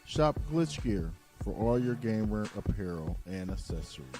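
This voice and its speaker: A man's voice: on the low side, very animated, moderate pace, music in the background. A man reading a scripted sponsor message. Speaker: announcer. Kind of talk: sponsor read.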